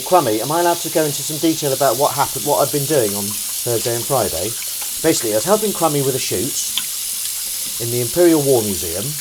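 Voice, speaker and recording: A man hosting a casual live stream, rambling and self-mocking with sudden shouts while he does the washing up at home. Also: mid-range voice, noisy background. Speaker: streamer host. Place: home kitchen, doing the washing up. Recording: clattering dishes and running water.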